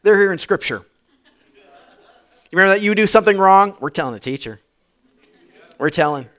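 Guy preaching w a really high voice, dramatic storytelling, goes loud then hushed, quizzes the crowd. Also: animated, brisk, clean tone. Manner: asks the congregation questions. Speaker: pastor. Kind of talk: sermon.

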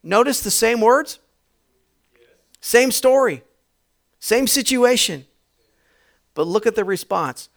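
A man preaching a sermon, telling the story dramatically, shifting between shouts and hushed tones, and putting questions to the congregation. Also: very high voice, expressive, takes it slowly, vocal fry, long pauses. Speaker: pastor.

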